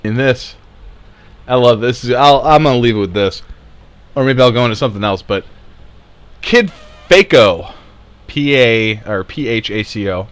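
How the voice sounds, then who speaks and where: A man's voice: medium pitch, lively intonation, unhurried, long pauses, clean tone. A man delivering an angry political rant, sarcastic and heated, swearing and laughing in scorn. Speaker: commentator.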